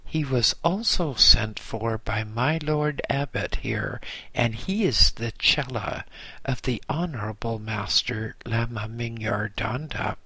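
A man's voice: mid-range voice, takes it slowly, bright, forceful tone, breathy edge, dry recording, full character voice. A man voicing a serving monk in a monastery who bawls back a plain-spoken reply. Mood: blunt. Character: blunt male serving monk.

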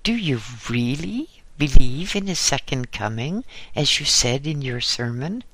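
A man putting on an older vicar's wife for a storybook reading. Her voice is raised and wistful, with slow, searching questions, and she sounds bright and crisp in a dry, close space. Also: medium pitch, big pitch swings, dry recording, exaggerated voice.

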